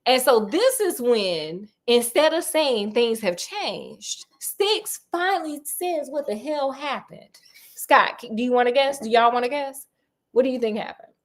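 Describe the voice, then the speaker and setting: A woman retells a spooky novel in a loose, joking way, slipping in slang and asides to her listener. Her voice sits a little high for a woman, and she talks like she is chatting with a friend. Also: lively intonation, a little slow. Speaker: storyteller. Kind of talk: casual retelling of a horror novel.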